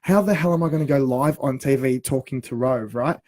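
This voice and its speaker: A man in his thirties, co-hosting a radio show and telling a funny story in a lively, laughing way. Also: mid-range voice, a little fast, no room sound, clean studio sound. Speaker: radio co-host. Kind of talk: casual storytelling chat.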